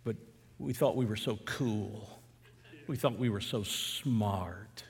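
A man's voice: on the low side, slow, breathy edge, in a large hall. A middle-aged man from Atlanta, preaching a sermon as a pastor in a conversational, storytelling way with fervent emphasis. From Atlanta, USA.

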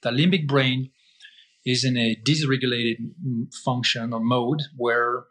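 Guest man, mid-pitched voice, emphatic and repetitive teacher who answers his own questions. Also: little pitch movement, unhurried, a bit bright. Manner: emphatic, repetitive, asks himself rhetorical questions. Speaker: guest breath-holding teacher. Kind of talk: explaining in conversation.

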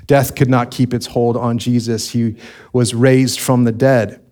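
A man's voice: mid-range voice, little pitch movement, unhurried, darkish tone. A young adult man preaching a sermon, telling his own testimony in a candid, conversational way with frequent restarts. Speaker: pastor.

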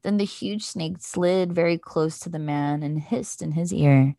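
A woman podcast host reading a children's picture book aloud in a gentle, measured way. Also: low voice, gravelly, no echo, clean studio sound.

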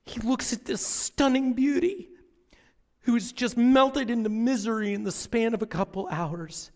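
A man preaching a sermon as a pastor, telling a story dramatically, swinging between hushed, near-whispered lines and impassioned, rising passages. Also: extremely high pitch, unhurried, big-room sound. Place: church auditorium.

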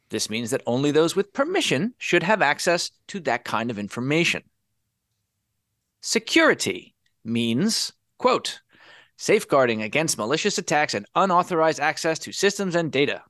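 A man hosting a podcast with a fairly high, very animated voice that leaps up and down. His delivery is wry and sarcastic. The sound is dry and close. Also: no room sound. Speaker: podcast host. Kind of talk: casual podcast chat.

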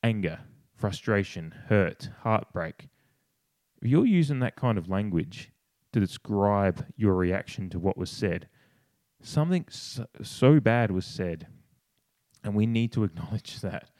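A man co-hosting a casual podcast shares opinions passionately at a measured pace, his animated voice a little mellow and free of echo. He curses, often restarts his sentences, and mimics people in a higher pitch.

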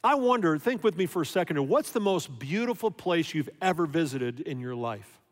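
Male pastor, sermon, chatty and questioning, higher-pitched voice, long church reverb. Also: moderate pace. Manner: conversational, animated, rhetorical questions.

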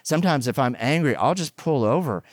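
A middle-aged man preaching a conversational sermon, mixing jokes and animated asides with scripture. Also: medium pitch, brisk, no echo. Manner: joking, animated asides, chatty fillers. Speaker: pastor.

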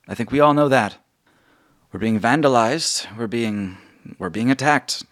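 A man's voice: mid-range voice, unhurried, a bit bright, voice pushed up, lightly acted. A man voicing a weary female guild leader who talks in an earnest, worried way and stammers.

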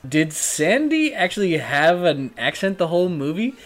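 A man's voice: high-pitched, very animated, moderate pace, a bit bright. A man co-hosting a casual podcast chat, telling stories animatedly and acting out characters' lines. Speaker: podcast co-host.

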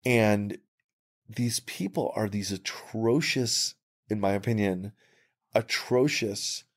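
A man co-hosting a podcast, chatting casually and giving blunt opinions, often restarting his sentences. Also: lowish voice. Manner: opinionated, frequent restarts, drawn-out phrasing. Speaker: podcast co-host. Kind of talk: casual chat.

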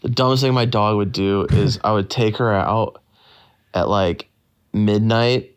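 A man telling a casual personal story in a slow, easygoing way. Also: lowish voice, fairly even intonation, clear, resonant tone.

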